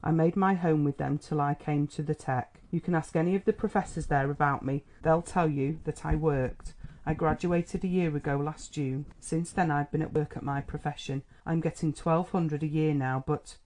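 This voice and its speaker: A man reading an earnest, steady young suitor. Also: a little high, normal speed, lightly acted. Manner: earnest and self-possessed. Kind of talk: audiobook character reading.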